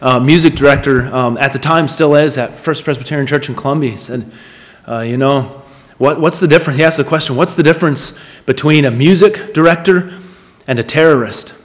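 Male pastor, expressive pulpit delivery with a slightly high voice, recorded in a reverberant sanctuary. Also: a little fast. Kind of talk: sermon with scripture reading. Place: church sanctuary. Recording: long reverb of a church hall.

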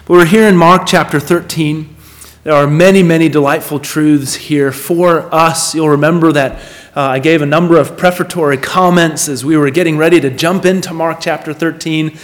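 A man preaching a sermon and reading scripture from the pulpit, with expressive, varied emphasis. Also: a little high, normal speed. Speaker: pastor. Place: church sanctuary. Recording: long reverb of a church hall.

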